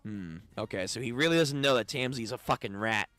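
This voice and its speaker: A man reading a manga aloud and reacting bluntly with profane, animated comments. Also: mid-range voice, brisk, no room sound.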